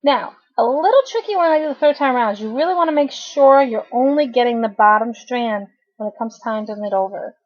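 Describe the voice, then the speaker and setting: A woman in her thirties walks viewers through a knitting project in a relaxed, chatty way, pausing now and then to clear her throat. Her voice sits a little high. The sound is dull and lo-fi, recorded through a home webcam. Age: 30s. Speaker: craft tutorial host. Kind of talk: casual knitting tutorial.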